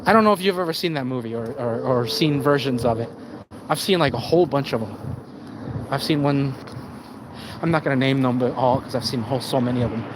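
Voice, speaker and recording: A man's voice: medium pitch, brisk, noisy background. A man ranting on a live stream, swearing and stumbling over his words as he repeats himself.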